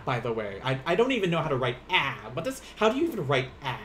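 A man's voice: medium pitch, wildly swooping pitch, quick pace, a bit bright, slight background noise. A young man teaching a casual livestream language lesson from home, rambling, laughing often and poking fun at himself, with lots of fillers. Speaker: Japanese teacher. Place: home room.

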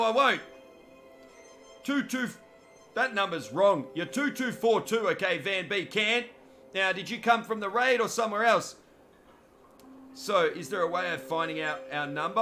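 Australian male streamer, fairly high pitch, bright forceful tone, cheeky live game commentary. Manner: cheeky, joking, chats to viewers by name. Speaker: gaming commentator.

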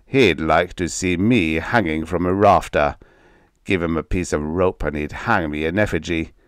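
A man with a low voice playing a cruel, sneering middle-aged stepfather who threatens his stepchildren in a dark audiobook story. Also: moderate pace, clean tone, no room sound, clean studio sound, close to an everyday voice. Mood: angry. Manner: menacing, sneering, mock-humble.

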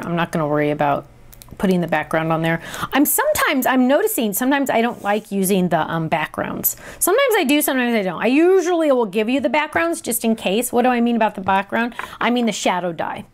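A middle-aged woman hosting a craft tutorial, chatty and excitable, talking to herself as she works. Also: on the high side. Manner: chatty and excitable, talks to herself while working. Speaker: crafting show host.

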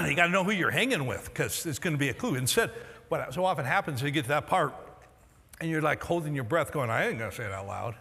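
A male pastor is losing his voice, which is raised in pitch and going hoarse as he preaches in an animated sermon style. He tells jokey stories with quick swings in his voice. The large church hall adds a long, reverberant tail to the sound.

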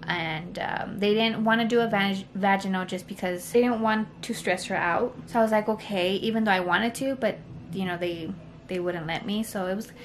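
A woman's voice: medium pitch, normal speed, slight background noise. A young woman telling a personal story to camera in a casual vlog, rambling and full of "like" and "you know". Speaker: vlogger.

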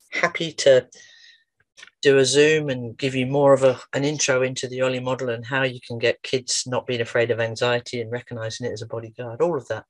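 A man's voice: mid-range voice, a bit bright, dry recording. Chatty man telling anecdotes, dry sound. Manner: chatty storyteller, acts out quotes. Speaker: wellbeing practitioner. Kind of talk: informal promotional talk with anecdotes.

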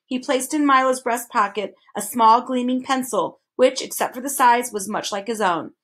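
Female storybook reader, expressive, fairly high voice. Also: normal speed, few pauses. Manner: expressive, even narration. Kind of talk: storybook read-aloud.

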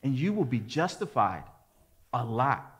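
A man in his forties, a pastor preaching, telling a lively personal story and acting out what people said. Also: mid-range voice, unhurried. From American suburbs. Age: 40s. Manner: lively storyteller, acts out quotes and gets loud at the climax. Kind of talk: sermon with a storytelling anecdote.

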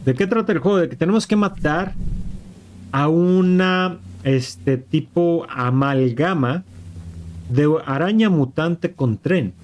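A man streaming a game, excitable and swearing, yelling at the monster and switching between English and Spanish. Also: fairly high pitch, a little slow, slight background noise. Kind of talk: live gameplay commentary.

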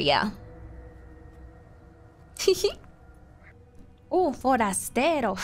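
A high-voiced woman talks through a game stream, her pitch swinging all over as she reacts. She is playful and laughs easily while she chats casually. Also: faint music behind. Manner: animated, playful, quick to laugh. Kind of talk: casual gaming commentary.

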